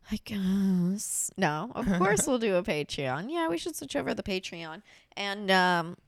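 A woman's voice: medium pitch, very animated, normal speed, creaky, dry recording, clean studio sound. A woman comedian hosting a casual podcast chat. She rambles, swears freely and fills her talk with "like.". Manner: rambling and profane, heavy use of "like".

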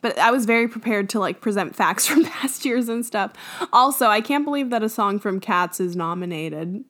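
A woman's voice: mid-range voice, expressive, normal speed, fairly bright tone. A young woman co-hosting a podcast in casual chat, chatty and laughing often. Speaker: podcast co-host.

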